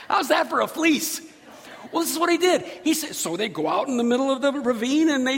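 High-voiced gravelly preacher in a hall. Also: male voice, fairly quick. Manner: animated storytelling, acting out voices and shouting. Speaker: pastor. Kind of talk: sermon. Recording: long reverb of a large hall.

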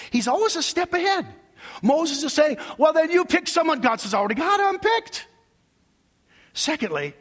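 Male pastor, sermon, husky voice, lively swinging pitch, emotional storytelling, long church hall reverb. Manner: emotional storytelling, swinging from soft asides to loud cries. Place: large church sanctuary.

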